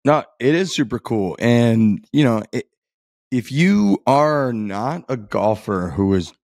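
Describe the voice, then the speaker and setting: A man co-hosting a golf podcast, giving measured, thoughtful commentary in casual chat. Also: medium pitch, lively intonation, a little mellow, dry recording, studio quality. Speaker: podcast co-host.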